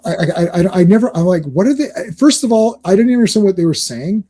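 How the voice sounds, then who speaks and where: Middle-aged guy rambling on his stream, kinda high voice but mellow, lots of restarts. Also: fast. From Canada. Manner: rambling, self-interrupting, chuckling. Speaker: stream host. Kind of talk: casual live-stream chat.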